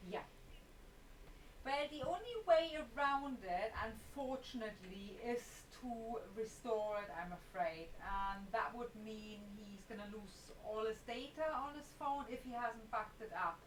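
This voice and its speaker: A woman's voice: fairly high pitch, animated, unhurried, slight background noise. A woman working at a repair shop, patiently and apologetically explaining things to a customer on the phone. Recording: echoey room, far from the mic.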